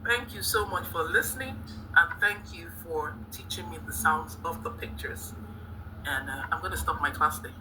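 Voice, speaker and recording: A woman's voice: lowish voice, moderate pace, background noise. A woman demonstrating a phonics lesson, cheerfully praising the class and sounding out letters. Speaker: teacher trainee.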